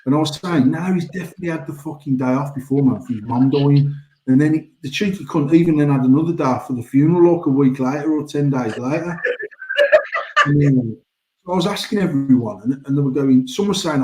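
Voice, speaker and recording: A man tells a rowdy workplace story, swearing freely and acting out both sides. His voice sits a little high for a man. The room around him sounds echoey and open. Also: fairly quick, slight background noise. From England. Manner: swears a lot, animated storytelling. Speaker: podcast co-host. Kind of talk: casual chat.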